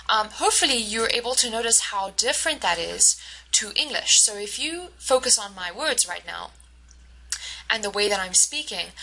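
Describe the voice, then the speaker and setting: Bright-voiced woman lecturing. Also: mid-range voice, poor audio. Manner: explains step by step, often pausing to search for words. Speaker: university instructor. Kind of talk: recorded lecture.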